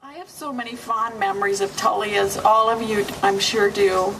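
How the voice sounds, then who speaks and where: A middle-aged woman giving a fond, halting eulogy for her son, laughing softly through her memories. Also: medium pitch, fairly even intonation. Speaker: mother of the deceased, eulogy speaker. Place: memorial gathering. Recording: distant mic, noisy room.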